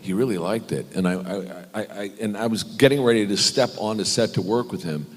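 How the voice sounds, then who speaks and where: A man, a guest actor on a convention panel, telling an animated, self-deprecating anecdote with many restarts. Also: on the low side, brisk. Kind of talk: anecdotal storytelling. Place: large convention hall panel. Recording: echoey convention hall.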